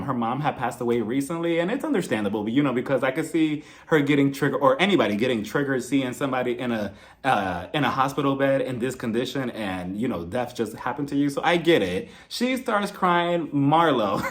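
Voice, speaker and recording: A man recapping a reality TV episode as a YouTube reviewer, animated and sarcastic in a casual commentary style. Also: mid-range voice.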